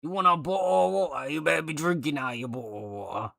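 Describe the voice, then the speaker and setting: A bossy mock-British man nags in an overblown accent, as a streamer puts him on for a joke. The voice sits up high and lively and is recorded close and dry. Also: a little fast, gravelly, no room sound. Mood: scolding. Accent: British, put on. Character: mock British man scolding about water.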